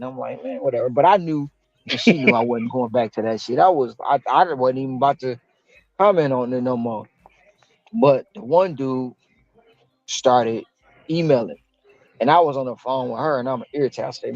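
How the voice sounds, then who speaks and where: A man, a delivery driver, telling a story in casual chat, slangy and animated, acting out quotes with big jumps in pitch. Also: normal speed, dry recording. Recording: dull dry lo-fi sound.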